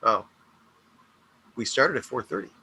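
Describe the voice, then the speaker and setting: Playful man with a very bright voice. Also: lowish voice, animated, unhurried, slight background noise. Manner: playful, exaggerated dramatic reactions. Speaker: player and co-host. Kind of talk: casual chat.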